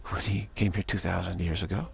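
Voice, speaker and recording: Speaking a little fast in a low-pitched, level tone, this gravelly, husky-voiced spiritual teacher delivers a casual religious sermon. It's rambling and repetitive, full of restarts and forceful declarations.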